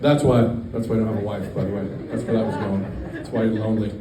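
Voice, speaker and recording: A man doing a stand-up set in a brewery, deadpan and rambling, with lots of fillers. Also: fairly low pitch, quick pace, noisy background. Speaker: stand-up comedian. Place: brewery stage. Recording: echoey room, distant mic, faint ambience.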